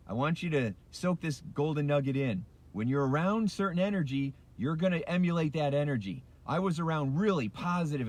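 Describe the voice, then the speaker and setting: A man's voice: mid-range voice, darkish tone. A middle-aged man, a life coach and hypnotist, giving a passionate, emphatic motivational rant from his car, hammering his points with repetition. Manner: passionate, emphatic, repeats key phrases. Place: in a car at a red light.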